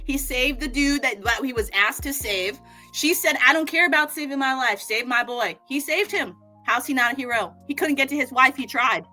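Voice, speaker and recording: A woman co-hosting a live chat, excitable and profane, acting out quotes as she goes. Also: high-pitched, normal speed, faint music behind. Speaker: podcast co-host.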